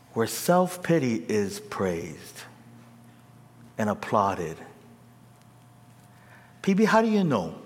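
A man preaching a sermon in a church or large hall, animated, calling on the crowd to answer him. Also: mid-range voice. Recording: echoey hall.

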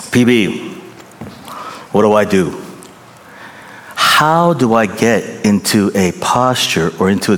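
A middle-aged pastor preaches with a very lively, swinging pitch, driving points home by repeating them. He speaks at an unhurried pace, and his voice carries a long reverb from a large hall. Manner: animated, emphatic, repeats phrases for effect. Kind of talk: sermon.

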